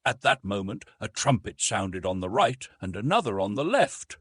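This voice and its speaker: An audiobook narrator, a man, tells a science fiction story with real drive. His tone is slightly husky, and his pitch leaps around as he builds the action. The sound is close and dry, with almost no room around it. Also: moderate pace, no echo. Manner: animated storytelling with lively rises in pitch.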